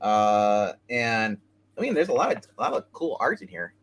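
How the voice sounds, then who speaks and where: A man's voice: on the low side, sing-song, moderate pace. A man hosting a casual chat show, rambling through a comic book review with many restarts and asides.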